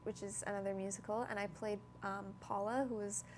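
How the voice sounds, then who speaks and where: A woman's voice: medium pitch, fairly even intonation, a little fast, a little hiss or hum. A young adult woman talking as an interview guest about her acting, bubbly and full of "like" fillers. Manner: bubbly, lots of "like", laughs while talking. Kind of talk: casual interview chat.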